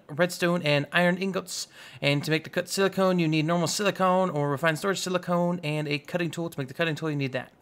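Young man, gaming commentary, bright forceful voice, a bit high, excitable and goofy. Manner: excitable, goofy, chatty with viewers. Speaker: gaming YouTuber. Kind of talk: casual let's-play commentary.

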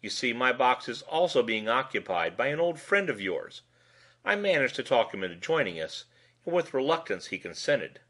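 A man's voice: mid-range voice, sing-song, normal speed, a bit bright. A man voicing a sly, amused male police lieutenant who talks in a wordy, mock-formal way.

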